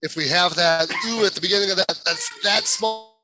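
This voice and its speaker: A man's voice: sits high, a little fast, sharp tone, soft background music, rough recording. A man coaching a choir over a video call, giving precise notes and singing short examples. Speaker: vocal coach.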